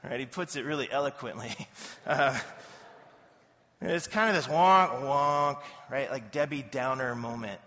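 A man giving a casual, animated sermon as a pastor, often slipping into quoted voices. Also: medium pitch, moderate pace, long pauses. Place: church hall. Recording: dull sound in a reverberant hall.

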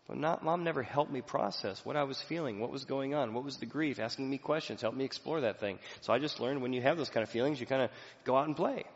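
A male pastor giving a sermon in a conversational, storytelling way. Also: mid-range voice. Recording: echoey hall, dull lo-fi sound.

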